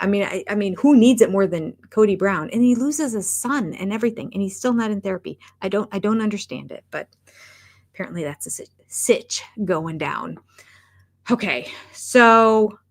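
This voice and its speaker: A middle-aged woman hosting a live reality TV review chat, candid and chatty, breaking off mid-sentence and laughing at herself. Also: mid-range voice. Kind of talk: casual live-stream chat.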